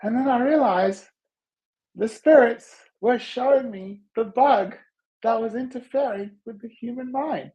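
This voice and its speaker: Guy hosting a self-help podcast, tells stories all animated, warm mellow voice. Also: very high-pitched, unhurried, muffled recording. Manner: animated, acts out dialogue in his stories. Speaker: podcast host. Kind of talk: motivational storytelling talk.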